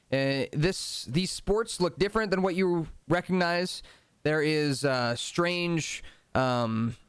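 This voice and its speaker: A man's voice: a little high, smooth, no echo, studio quality. A man narrating a tabletop game as game master, in an easygoing, descriptive way.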